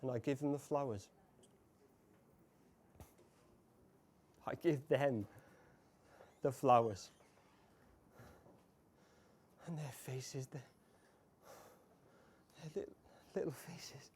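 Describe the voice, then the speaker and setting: An actor in a live stage monologue playing a tormented man who caught his wife cheating. He stammers, repeats broken phrases, and swings between hushed murmurs and shouts. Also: mid-range voice, moderate pace, pauses often, natural voice. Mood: anguished. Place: café bar stage before a live audience.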